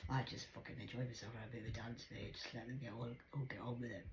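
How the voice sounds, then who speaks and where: A middle-aged English woman rambling through a personal story, swearing, dropping into hushed whispers and breaking into loud, high-pitched impressions of people. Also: fairly even intonation, fast talker.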